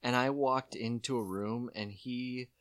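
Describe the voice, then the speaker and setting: Man, young adult, podcast co-host, casual comedic banter, rambling, medium pitch. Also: fairly even intonation, measured pace, a bit bright, no echo, studio quality. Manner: rambling, laughs often, trails off mid-sentence.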